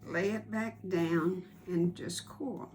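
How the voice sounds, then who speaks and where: A woman giving an unhurried, homey step-by-step sewing tutorial as a quilting instructor. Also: fairly low pitch, steady tone, a little mellow, a little hiss or hum.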